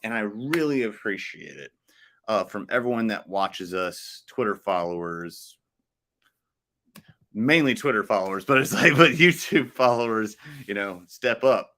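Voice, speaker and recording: A man co-hosting a casual sports podcast, playful and jokey, slipping into quick rhyming riffs. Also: fairly low pitch, lively intonation, sharp tone. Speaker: podcast co-host.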